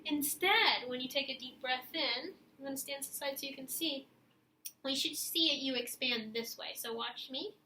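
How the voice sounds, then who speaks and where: A young woman teaching saxophone students to stretch and breathe, guiding them step by step and showing sighs and deep breaths herself. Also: moderate pace, bright, forceful tone, roomy sound, slight background noise. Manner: encouraging, demonstrates breaths and sighs. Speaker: music teacher. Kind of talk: instructional video for young students.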